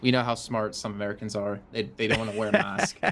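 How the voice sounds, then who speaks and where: A man's voice: fairly low pitch, big pitch swings, quick pace, a bit bright. Dry-humored male esports caster. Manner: dry, teasing banter. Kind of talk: esports commentary.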